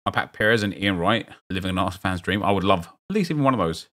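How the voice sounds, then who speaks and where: Chatty South London man, lowish voice. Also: lively intonation, fast talker, a bit bright. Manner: chatty, rambling, jokey asides to chat. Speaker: streamer. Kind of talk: casual game commentary.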